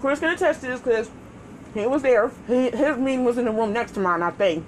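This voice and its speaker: A woman's voice: on the high side, quick pace, a little hiss or hum, rough recording. A woman co-hosting a show, telling a story in casual chat with profanity and laughter. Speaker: podcast co-host.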